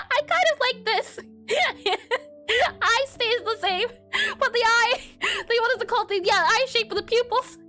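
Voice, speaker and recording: A woman's voice: extremely high pitch, unhurried, pushed and bright, faint music behind. A woman streamer thinking aloud and chatting in a giggly way while she draws pixel art. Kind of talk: casual live-stream drawing commentary.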